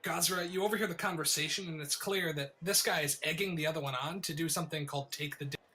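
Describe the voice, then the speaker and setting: A male game master who narrates scenes in vivid detail, pausing on fillers as he describes the action. His voice is bright and forceful, and fairly high for a man. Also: fairly even intonation.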